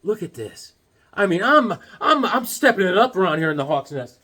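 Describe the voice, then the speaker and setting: Middle-aged guy, high bouncy voice, jokey and hyped, chatting right at the camera. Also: normal speed. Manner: excitable, joking, talks to the viewer. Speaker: comic collector vlogger. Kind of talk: casual show-and-tell vlog.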